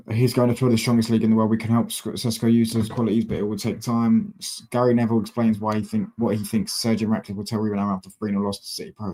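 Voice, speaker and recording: A man's voice: lowish voice, a little mellow, husky. A young man, a football fan streamer, frustrated and slangy, swearing as he talks to his chat from a desk mic at home. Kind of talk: live-stream fan rant.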